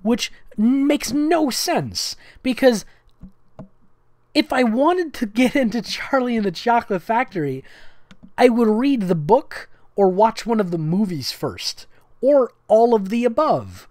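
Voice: mid-range voice, big pitch swings, slow pace, a little mellow, no echo, studio quality. A comedic reader of fan fiction, reading it aloud with sarcastic, mocking asides.

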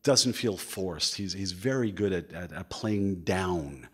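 A man giving a lecture at a museum, animated and enthusiastic, often repeating words and filling pauses as he thinks aloud. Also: low voice, breathy edge.

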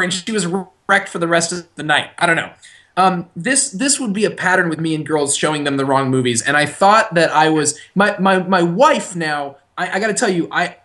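A man's voice: high voice, fairly bright tone. A young man co-hosting a podcast, telling stories animatedly with many restarts. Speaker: podcast co-host. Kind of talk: casual chat.

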